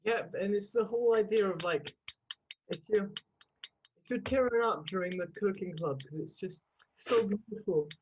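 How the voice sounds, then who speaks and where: A man's voice: high-pitched, moderate pace, background noise. A man improvising a comedy scene over a video call, rambling with many fillers. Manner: rambling, filler-heavy, melodramatic bursts. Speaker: improv performer.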